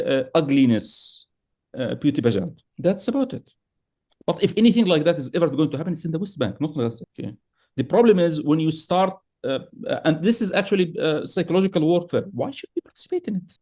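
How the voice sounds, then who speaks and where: A man giving political commentary on a podcast, emphatic and at times heated, with frequent fillers and restarts. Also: on the high side. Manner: emphatic, grows heated and animated. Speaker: podcast guest analyst.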